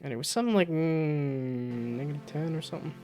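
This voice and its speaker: A man's voice: fairly high pitch, fairly quick, darkish tone. A man streaming as a VTuber while he codes a game, thinking aloud with playful asides and muttered checks to himself. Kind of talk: casual live-stream chat while coding. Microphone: desk microphone with loud keyboard clicks. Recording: music playing under a live stream. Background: guitar music.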